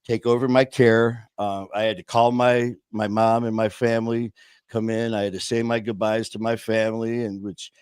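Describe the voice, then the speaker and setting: A man's voice: fairly low pitch, little pitch movement, moderate pace, darkish tone, clean tone, no room sound, studio quality. Man hosting a podcast, shares his story with earnest emotion, says "man" and "brother" often. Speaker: podcast host. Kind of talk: casual conversational storytelling.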